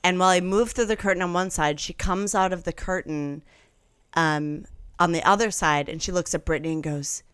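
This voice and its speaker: Young comedian guest, lower-pitched woman, smooth clear voice, dry close sound, lively anecdote with acted-out quotes. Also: brisk, no room sound. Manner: animated, acts out quoted voices, laughs often. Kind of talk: casual storytelling on a podcast.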